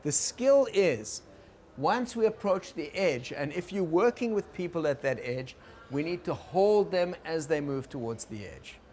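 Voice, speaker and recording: A man teaching about conflict in a gentle, explaining lecture style, checking in with his listeners. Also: on the high side, animated, measured pace. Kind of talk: recorded lecture.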